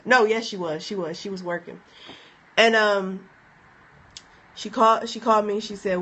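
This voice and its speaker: A woman speaking on a live stream, telling her own story with emphatic repetition. She voices the words of people in the story as she goes, at a medium pitch. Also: fairly even intonation, moderate pace, pauses often, a bit bright, muffled recording. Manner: emphatic, repeats phrases, acts out the friend's encouraging words. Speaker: inspirational speaker. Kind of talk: live-stream personal testimony.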